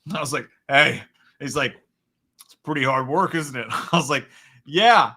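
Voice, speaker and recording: A man co-hosting a live stream, telling animated anecdotes in casual chat and acting out the people in them. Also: mid-range voice, normal speed, breathy edge. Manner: animated storyteller who acts out the people in his stories. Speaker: podcast co-host.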